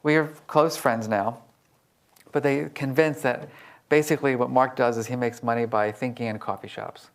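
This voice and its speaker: A man speaks to a live audience in a storytelling style, his pitch sitting in an ordinary middle range. He talks with lively energy and slips into voices when he quotes other people. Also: moderate pace. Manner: lively, acts out quoted dialogue. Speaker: emotional intelligence researcher and speaker. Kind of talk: storytelling public talk.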